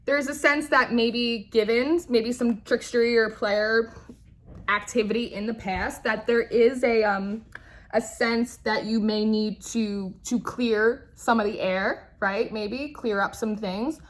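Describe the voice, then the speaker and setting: A woman's voice: a little high, fairly even intonation, takes it slowly. A young woman giving a casual, chatty tarot reading, often checking in with "right?" and laughing. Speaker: tarot reader.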